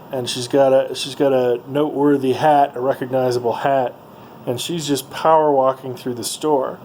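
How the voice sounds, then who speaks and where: A man of middle pitch telling a travel story in a loose, meandering way, full of ums and uhs. A faint hum of noise sits under his voice. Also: warm tone, low-quality recording. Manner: rambling, lots of ums and uhs. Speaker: vlogger.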